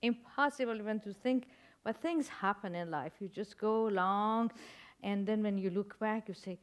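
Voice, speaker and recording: An older woman with a Persian accent, a native Persian speaker, telling stories as a guest author in a reflective interview, halting and searching for words with wry humor. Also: mid-range voice, clear, resonant tone. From Iran.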